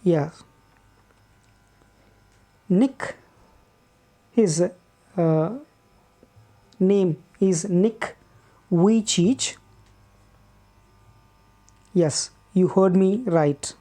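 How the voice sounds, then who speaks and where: Lady teaching a class, slow and careful, mellow lowish voice. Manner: patient and deliberate, repeats key words, frequent "uh" pauses. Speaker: English teacher.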